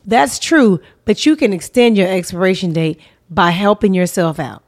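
A young woman hosting a relaxed podcast chat. She talks bluntly and swears freely, spinning stories at an ordinary pitch. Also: moderate pace. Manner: blunt, profane, storytelling. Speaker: podcast host. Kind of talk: casual chat.

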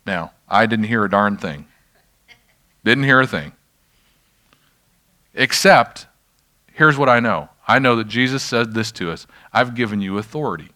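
Middle-aged guy preaching, low-ish bright voice, chatty storytelling with little asides. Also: lively intonation, a little slow, long pauses. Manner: conversational storytelling, self-deprecating asides. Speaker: pastor leading a healing ministry. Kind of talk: sermon.

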